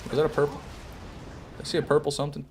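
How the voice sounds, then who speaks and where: A man's voice: a little high, monotone, fast, vocal fry. Joking American man streaming games. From Michigan, USA. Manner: joking, rambling, talks to chat. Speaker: gaming streamer. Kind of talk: casual livestream commentary.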